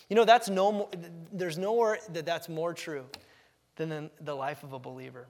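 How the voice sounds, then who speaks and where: Man, pastor, sermon, high voice, acts out quotes, hall reverb. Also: fairly quick. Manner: animated, acts out quotes with big pitch jumps.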